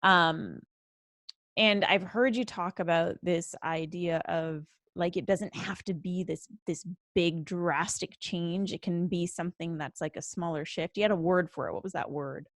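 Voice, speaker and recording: A woman's voice: lowish voice, steady tone, unhurried, no echo, clean studio sound. A woman hosting a podcast in casual interview talk, enthusiastic and upbeat, with frequent "like" and "um" fillers. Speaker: podcast host.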